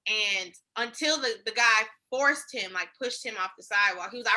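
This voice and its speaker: Bright-voiced, reflective young woman. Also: fairly high pitch, expressive, low-quality recording. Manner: reflective, halting, searching for words. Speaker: podcast co-host. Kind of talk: casual podcast chat.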